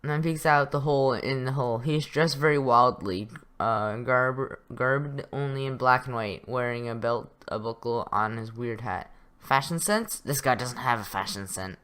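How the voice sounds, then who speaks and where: A man's voice: medium pitch, normal speed, few pauses, a bit bright, clean tone. Young male gaming YouTuber, chuckly casual read-through, trips on words. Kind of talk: reading a text game aloud with commentary.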